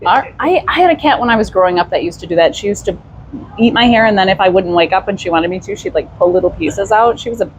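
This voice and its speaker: A woman hosting a casual interview chat, friendly with quick reactions. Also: mid-range voice, expressive, slight background noise. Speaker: podcast host.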